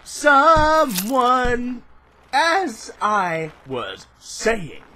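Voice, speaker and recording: A young man doing let's play commentary, excitable and laughing, shouting in bursts. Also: very high-pitched, drawn-out words, slight background noise. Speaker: gaming channel host.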